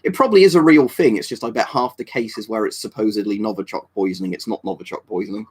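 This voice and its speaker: A man's voice: lowish voice, fast, husky. An English man hosting a live stream, chatting casually and answering viewer comments in a rambling, offhand way. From England. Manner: rambling and offhand, with many fillers and restarts. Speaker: livestream host.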